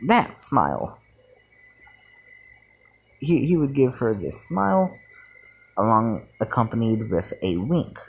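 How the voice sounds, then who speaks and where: Slow, rambling young man telling a fan story. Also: medium pitch, big pitch swings, gravelly, breathy edge. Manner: rambling, with fillers and slang.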